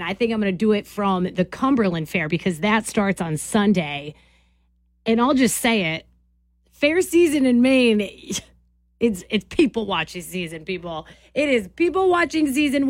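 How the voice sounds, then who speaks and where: Brief: woman, 30s, morning radio host, brash teasing banter, high-ish voice. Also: expressive, moderate pace, no echo. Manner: brash, teasing, laughs often. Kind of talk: morning radio chat and fair interviews. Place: Maine.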